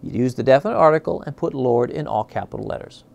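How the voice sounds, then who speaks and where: A man teaching a Bible class in a classroom. He talks conversationally, often checks in with "okay?", gropes for words and slows down to sound out Hebrew words. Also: medium pitch, lively intonation, gravelly, a little mellow. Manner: searches aloud for words, with fillers and restarts.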